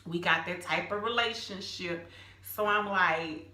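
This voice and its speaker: A middle-aged woman, telling a personal church testimony in an emphatic, animated way and calling her viewers "y'all". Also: mid-range voice, unhurried, roomy sound, slight background noise. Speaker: vlogger sharing a personal testimony. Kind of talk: casual storytelling testimony.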